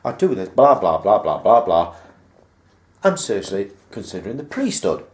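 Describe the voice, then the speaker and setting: A man tells a rambling story from his past in a fairly low voice that swings widely in pitch. He acts out the remembered conversations as he goes. The sound is roomy, with a noticeable echo. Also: big pitch swings, normal speed. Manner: rambling anecdote, acting out remembered dialogue. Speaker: vlogger. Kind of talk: casual personal storytelling.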